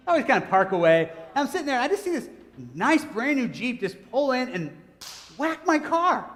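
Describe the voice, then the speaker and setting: A man's voice: very high-pitched, brisk. A man preaching a sermon, telling a personal story with humor and speaking directly to his congregation. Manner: animated, humorous, chatty storyteller who addresses the congregation. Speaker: pastor. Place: church hall. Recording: long hall reverb, church sanctuary.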